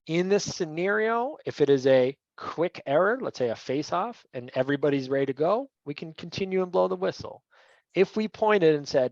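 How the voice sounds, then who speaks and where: A man's voice: a little high, animated, normal speed, dry recording. A man teaching a referee training session in a conversational way, often checking in with "right?". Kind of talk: training lecture. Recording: dull, dry lo-fi sound.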